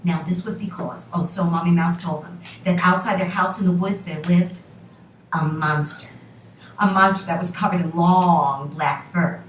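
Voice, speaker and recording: A woman teacher telling a children's story to her class with drawn-out repeated emphasis. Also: lowish voice, fairly even intonation, slight background noise. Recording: roomy classroom from a distance.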